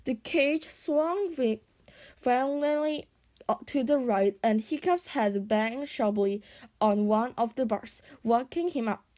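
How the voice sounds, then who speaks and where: Slow, stumbling woman reading a storybook aloud. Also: a little high, animated, dark tone. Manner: unhurried reading with frequent stumbles and restarts. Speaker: audiobook reader.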